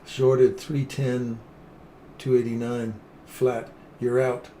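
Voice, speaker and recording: A middle-aged man giving excitable, self-mocking live commentary on his own trades as he makes them. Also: medium pitch, slow, a little hiss or hum.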